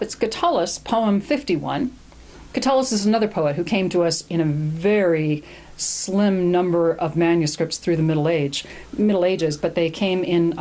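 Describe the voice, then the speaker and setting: A woman's voice: mid-range voice, a little mellow. Woman lecturer, thoughtful and explanatory, with fillers and self-corrections. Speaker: lecturer on classical poetry. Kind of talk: recorded lecture with Latin readings.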